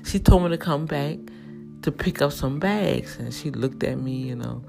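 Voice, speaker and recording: A woman's voice: a bass voice, moderate pace, vocal fry, music in the background. A woman telling a personal story to her viewers in a chatty way, often turning to them and repeating words as she goes. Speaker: vlogger sharing a personal story.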